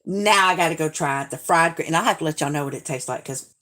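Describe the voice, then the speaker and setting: A woman's voice: deep voice, fast talker, pushed and bright. A woman from Alabama with a Southern accent, hosting a casual live stream in a chatty, gushing way as she reads out viewer comments.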